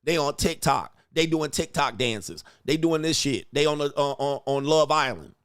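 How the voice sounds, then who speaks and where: A man's voice: on the high side, moderate pace, a bit bright, smooth, no room sound. A man hosting a livestream, reading viewer donations aloud between blunt, crude rants. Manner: reads viewer messages aloud. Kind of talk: casual livestream rant.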